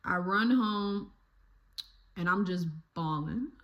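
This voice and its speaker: A young woman YouTuber telling a childhood story in a casual, animated way, laughing and cursing freely. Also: mid-range voice, takes it slowly.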